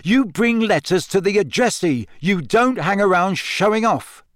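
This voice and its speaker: A man's voice: a little high, huge pitch swings, measured pace, no echo, studio quality. A man reading aloud voices a blunt, easily irritated teenage boy who snaps. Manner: snappish, blunt. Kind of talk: audiobook character voice.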